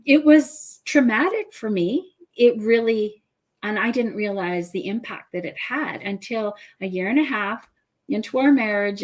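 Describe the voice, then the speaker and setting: A middle-aged woman, a guest family coach, talking in a casual talk-show chat and telling a personal story earnestly and with feeling. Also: mid-range voice.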